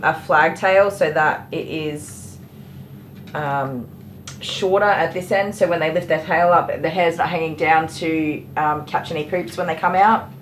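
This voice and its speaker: A woman's voice: fairly low pitch, fairly bright tone, a little hiss or hum. A woman who is a dog groomer, chatting casually on a livestream while she works and answering viewers by name. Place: grooming salon, indoors.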